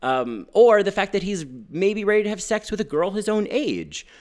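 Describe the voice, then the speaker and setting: Man, film commentary, indignant and mocking, pitch swinging all over. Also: big pitch swings, normal speed, a little mellow. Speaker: film critic.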